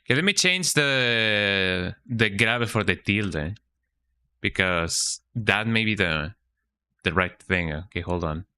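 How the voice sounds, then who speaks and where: This streamer's voice sits on the low side, animated but slow, with a sharp, clear and resonant tone. He chats casually during his game, tacking "eh?" onto sentences. He also mutters under his breath as he reads the setup instructions out loud.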